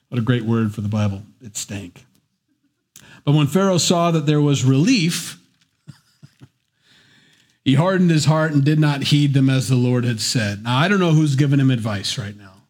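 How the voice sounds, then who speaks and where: A man's voice: mid-range voice, lively intonation, unhurried, pauses often, darkish tone. A man preaching a sermon, reading scripture and breaking off for casual, joking asides. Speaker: pastor.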